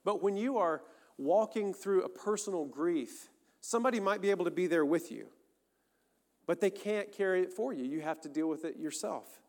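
Earnest pastor preaching in a reverberant hall. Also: male voice, high voice, lively intonation, moderate pace, a little mellow. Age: adult, married. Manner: earnest, conversational, speaks directly to listeners. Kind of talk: sermon. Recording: long reverb of a large hall.

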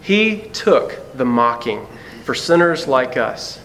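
A man preaching a sermon in an earnest voice, slowing down and dropping low to stress key words. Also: very animated, fairly bright tone, slight background noise, rough recording. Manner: earnest preaching, slows and drops low for emphasis. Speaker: pastor.

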